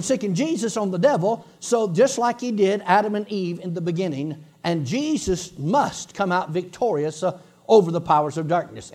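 A man's voice: high voice, a little mellow. A man preaching a sermon, emphatic and repeating his points, breaking into bursts of laughter.

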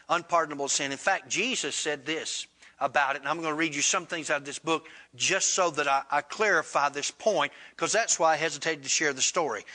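A man preaching a sermon, telling a story and acting out the dialogue in an animated, colloquial way. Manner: animated, acts out dialogue with rising pitch. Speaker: pastor.

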